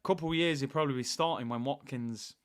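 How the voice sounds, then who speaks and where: A man hosting a live football watchalong, chatting excitedly with viewers. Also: medium pitch, fast. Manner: excitable, hyping up the live chat.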